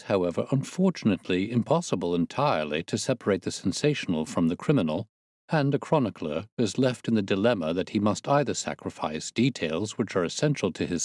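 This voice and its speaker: A man narrating a classic story in a measured, formal and expressive reading style. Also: fairly low pitch, no echo, studio quality. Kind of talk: scripted audiobook narration.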